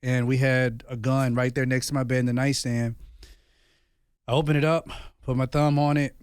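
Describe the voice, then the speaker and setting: A man's voice: medium pitch, flat delivery, normal speed, clear, resonant tone, no room sound, clean studio sound. A man in his thirties, a podcast host and former pastor, telling personal stories in a candid, earnest way. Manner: earnest, confessional storytelling peppered with "bro". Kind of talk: candid conversation.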